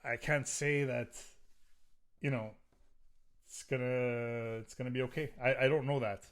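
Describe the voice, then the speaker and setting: A man's voice: medium pitch, steady tone, normal speed. A middle-aged man hosting a solo podcast, ranting in a profane, rambling way with frequent restarts. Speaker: podcast host.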